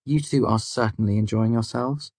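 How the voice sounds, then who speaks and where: A man voicing a sharp-tongued young woman physician in an audiobook, speaking dryly and sardonically. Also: mid-range voice, fairly even intonation, normal speed, no room sound, pitched above the performer's own voice, lightly acted. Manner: dry and sardonic. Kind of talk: audiobook character voice.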